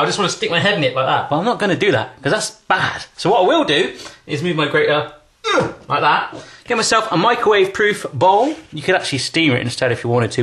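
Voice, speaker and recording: A man's voice: a little high, fairly bright tone, roomy sound. A man making a cooking video at home, chatting to viewers in a jokey, playful way. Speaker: cooking vlogger. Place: home kitchen.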